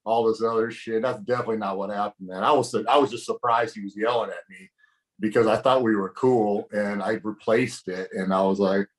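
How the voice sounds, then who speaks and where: A man's voice: lowish voice, fairly even intonation, brisk. A man, a former pro wrestler, casually telling a locker-room story in a profane, laid-back way.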